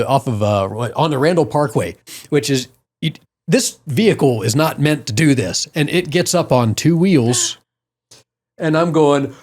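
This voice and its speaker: A middle-aged man spins an anecdote in easygoing podcast chat. His voice sits at an ordinary pitch and stays relaxed. He jumps up into loud, high yelps when he acts out his own panic. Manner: animated storyteller, loud high yelps when quoting himself. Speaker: podcast co-host. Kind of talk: casual storytelling chat.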